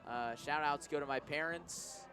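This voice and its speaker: A man's voice: fairly high pitch, moderate pace, over music. A young man giving color commentary on a baseball radio broadcast, talking enthusiastically and thanking people. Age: young adult. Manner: enthusiastic, grateful, rambling. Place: outdoor ballpark broadcast booth. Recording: ballpark crowd noise behind.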